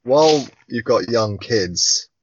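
A man in his forties co-hosting a podcast, telling stories in a casual, animated way, swearing and laughing often. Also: medium pitch, takes it slowly, slight background noise. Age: 40s. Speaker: podcast co-host. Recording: dull, dry lo-fi sound.

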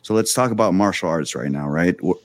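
A man hosting a podcast, thinking out loud in a relaxed way with loose restarts. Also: low voice, brisk, dry recording. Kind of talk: casual podcast conversation.

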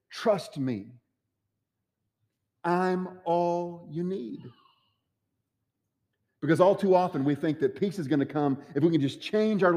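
A man's voice: fairly high pitch, mellow, big-room sound. A man preaching a sermon as pastor, acting out the quoted voices with dramatic swings. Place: church sanctuary.

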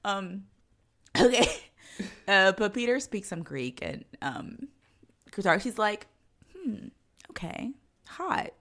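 Animated, laughing woman podcast host. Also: takes it slowly, long pauses. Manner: chatty, laughing, slangy, acts out quotes in high voices. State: tired. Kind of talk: casual rewatch podcast chat.

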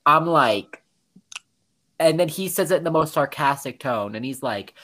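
A young man co-hosting a podcast speaks at a moderate pace in a fairly high voice. In casual chat he tells indignant stories, animated, quoting people in sarcastic voices.

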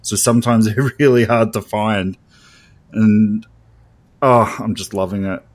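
A man's voice: on the low side, steady tone, measured pace. A young man with an Australian accent co-hosting a podcast, talking loosely with lots of fillers. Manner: laid-back, rambling with fillers. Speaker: podcast co-host. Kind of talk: casual chat.

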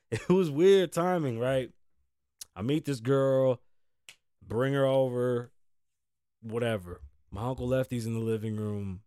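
A man's voice: mid-range voice, dry recording, clean studio sound. A man hosting his own talk show, telling stories in a loose, profane, laughing way. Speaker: podcast host. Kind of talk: casual storytelling monologue.

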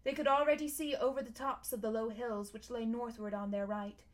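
A woman reading a storybook aloud, narrating in an expressive, measured way. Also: on the high side.

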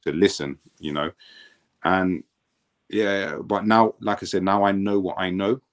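A man who used to play professional football, chatting casually as a podcast guest and telling stories in a relaxed way, often repeating words as he restarts a thought. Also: deep voice, a little slow.

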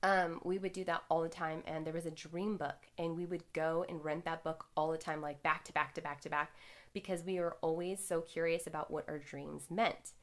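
A young woman speaks to her listeners in a candid, animated monologue, cursing casually as she goes. Her voice sits on the lower side for a woman. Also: moderate pace. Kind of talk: personal storytelling monologue.

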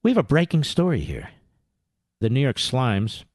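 A man's voice: medium pitch, sing-song, moderate pace, darkish tone, dry recording, studio quality. A male talk radio host delivering a combative, sarcastic political monologue, mocking his critics with impressions.

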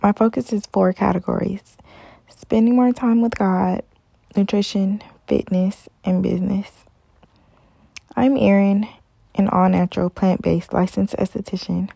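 A woman's voice: mid-range voice, steady tone, unhurried, gravelly, mellow, slightly rough, no room sound, studio quality. A tired woman hosting a casual solo podcast, rambling with many ums and stopping to correct herself. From Los Angeles area. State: tired, yawning. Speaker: podcast host.

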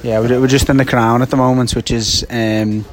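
A man's voice: medium pitch, level tone, a little hiss or hum. A man, a little out of breath, co-hosting a casual post-match football reaction and stumbling over his words. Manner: halting, many restarts and fillers. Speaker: football podcast co-host.

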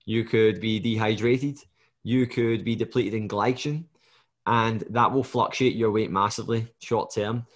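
A man's voice: on the low side, steady tone, normal speed. Blunt, sweary man coaching on fat loss. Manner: blunt and swears freely, acts out clients' lines. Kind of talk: casual podcast chat.

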